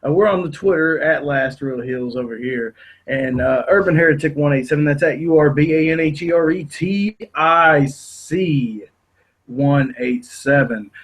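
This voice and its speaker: A man's voice: fairly high pitch, normal speed, a bit bright, husky. A man guesting on a podcast in casual chat, a little drunk and slurring loosely.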